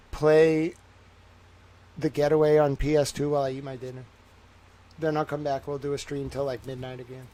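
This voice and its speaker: A man with a slightly high, darkish voice hosts a casual livestream, rambling cheerfully to his viewers. Chatty and upbeat, he thinks out loud as he types.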